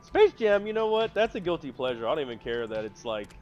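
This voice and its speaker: A man chatting casually on a live stream, rambling excitably about movies with big jumps in pitch and loudness. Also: a little fast, lo-fi sound, music in the background. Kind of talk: casual chat.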